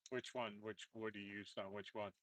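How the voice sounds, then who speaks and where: A man's voice: on the low side, level tone, moderate pace, fairly bright tone. Laid-back man co-hosting a live stream. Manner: laid-back, short replies and easy laughs. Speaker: co-host. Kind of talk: casual live chat. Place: outdoors on a lake dock.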